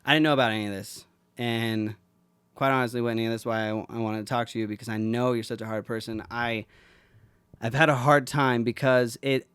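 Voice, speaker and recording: A man's voice: mid-range voice, clean tone, no echo. A man hosting a podcast, telling an emotional story in a rambling, profane, heartfelt way. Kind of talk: casual heartfelt chat.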